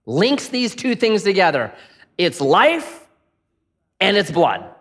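A man's voice: a little high, slow, long pauses. A middle-aged man preaching a sermon, telling a story with acted-out voices and jokes. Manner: animated storyteller, acts out voices in anecdotes. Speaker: pastor.

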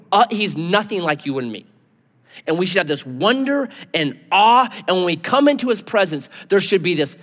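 A high-voiced male pastor preaching with wide, swooping pitch. He acts out characters in quick asides, and his voice rings with the long reverb of a large hall. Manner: animated, acts out biblical figures in quick asides. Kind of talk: sermon.

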